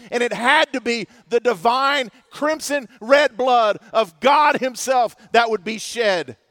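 High-voiced impassioned male preacher. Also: dry recording, studio quality. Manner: impassioned preaching with dramatic swings between loud and hushed. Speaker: pastor. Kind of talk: sermon.

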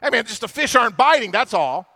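Bright, high-voiced man preaching. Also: quick pace. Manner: animated storytelling, acting out quoted voices. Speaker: pastor. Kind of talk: sermon.

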